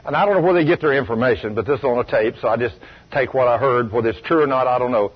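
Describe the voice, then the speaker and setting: A man preaching a sermon, telling a story in a folksy, emphatic way that swings between loud bursts and low asides. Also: brisk, slightly rough. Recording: dull lo-fi radio recording.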